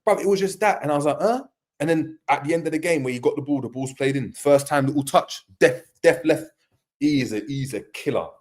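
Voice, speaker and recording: A young man co-hosting a casual football chat, slangy and animated, often acting out players' voices. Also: fairly high pitch, brisk. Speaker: football podcast co-host.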